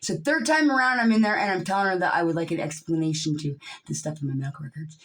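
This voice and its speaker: A woman venting on her own channel in a profane rant, swinging between low muttering and yelling, openly upset. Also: quick pace, few pauses, low-quality recording. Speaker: vlogger. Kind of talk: angry venting monologue.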